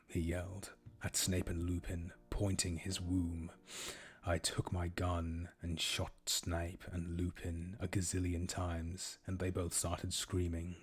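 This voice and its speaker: Brief: male streamer reading aloud, deadpan delivery, slow and very low. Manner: deadpan, unhurried, low-key. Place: home streaming setup.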